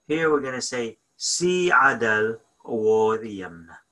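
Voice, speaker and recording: A man teaching a language lesson, patiently repeating phrases slowly and explaining sounds step by step. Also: medium pitch, big pitch swings, pushed and bright, poor audio.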